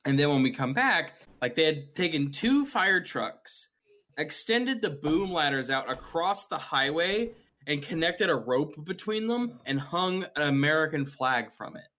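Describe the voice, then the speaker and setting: A man's voice: fairly high pitch, expressive, a little slow, bright, forceful tone. Rambling man telling stories, swearing. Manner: rambling storytelling with many fillers and swearing. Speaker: podcast co-host. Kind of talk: casual podcast chat.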